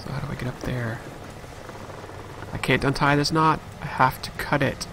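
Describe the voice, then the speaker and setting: A man's voice: medium pitch, fairly even intonation, normal speed, noisy background. A man giving casual, chatty commentary while playing a video game, thinking aloud and putting on mock outrage at times. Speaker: let's play commentator. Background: game music.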